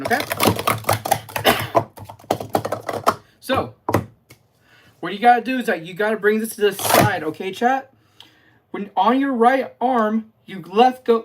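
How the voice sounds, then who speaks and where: A casual livestreamer with a medium-pitched voice teaches cup stacking step by step, chatting with viewers and addressing the live chat. The recording is very noisy, with the plastic cups clattering clearly.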